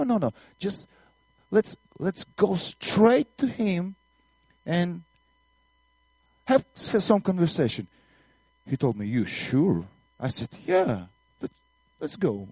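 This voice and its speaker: A man's voice: a little high, darkish tone, dry recording. Earnest Russian-accented man giving testimony. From Latvia. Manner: earnest storytelling with broken English and repeated words. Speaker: minister and missionary. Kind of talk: testimony sermon.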